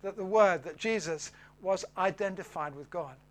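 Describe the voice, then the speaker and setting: A man's voice: sits high, normal speed. A man giving a Bible teaching talk, hesitant with many fillers, his voice falling away at the end of phrases.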